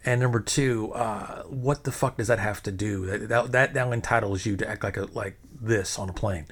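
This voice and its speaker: A man's voice: lowish voice, moderate pace, husky. A man hosting a podcast, telling a long story in a rambling way, full of fillers and restarts. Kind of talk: casual storytelling.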